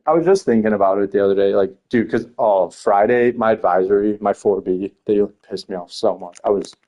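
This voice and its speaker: A man's voice: on the low side, brisk, mellow, lo-fi sound. A young man, a teacher, chatting casually, swearing freely, packing his stories with fillers and laughing often. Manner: loose, profane storytelling with many fillers; frequent laughter. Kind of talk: casual podcast chat.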